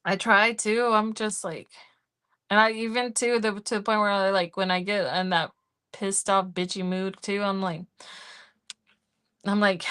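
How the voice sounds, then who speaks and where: Slow-talking woman hosting a budget livestream. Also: medium pitch, little pitch movement, a bit bright, smooth. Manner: chatty and easygoing, counts cash aloud. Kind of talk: casual live-stream chat.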